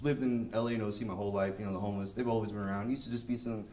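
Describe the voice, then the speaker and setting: A man's voice: fairly low pitch, fairly even intonation, rapid-fire, mellow. A young man doing a stand-up comedy set, casual and profane, laughing through his bits. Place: live comedy venue. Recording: roomy live venue with noise.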